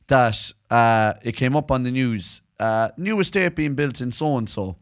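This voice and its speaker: An Irish man co-hosting a podcast, full of banter and loose, rambling anecdotes. His voice sits at an ordinary middle pitch, and he swears freely in easy chat. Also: a little slow. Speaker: podcast co-host. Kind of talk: casual chat.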